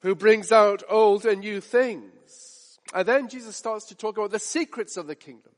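A man's voice: high-pitched, normal speed. A man preaching a sermon, emphatic, building his point with repetition and rhetorical questions. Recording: long reverb of a hall.

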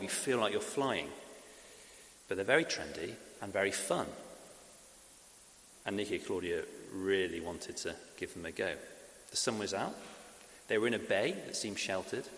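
A man preaching a sermon and leading a prayer, talking in a halting way with many fillers and restarts. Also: lowish voice, expressive. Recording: echoey hall with faint hiss.

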